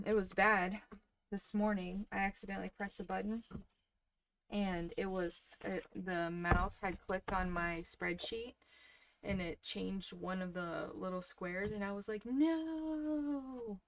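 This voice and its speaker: A woman in her thirties hosting a crafting livestream, chatting softly and casually with her viewers while she works. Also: medium pitch, flat delivery, a little slow, slight background noise. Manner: soft-spoken, chatty, talks to viewers in the chat.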